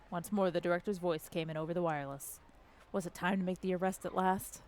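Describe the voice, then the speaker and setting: A woman's voice: fairly low pitch, normal speed. A woman streamer reading a story game aloud live, cracking jokes and swearing between lines of narration.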